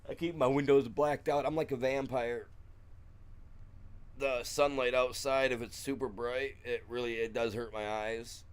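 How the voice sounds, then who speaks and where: Streaming a game from his home room, its windows blacked out, this man has a clean, mid-range voice. His talk is loose and rambling, full of false starts, dropped thoughts, and little chuckles.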